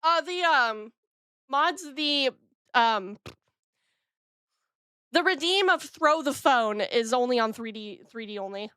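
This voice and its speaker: A young adult woman streaming from home, chatting casually in a gushing, excitable way and swearing freely, close on the mic. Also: sits high, slow pace, pauses often, clear, resonant tone, dry recording. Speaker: VTuber streamer. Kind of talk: casual live-stream chat.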